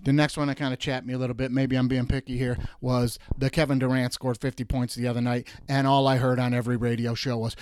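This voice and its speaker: A man from Detroit hosting a sports show, ranting with exasperated emphasis and jumping up high when he mocks. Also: fast talker, hardly any pauses, darkish tone, no echo. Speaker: podcast host. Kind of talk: animated sports rant.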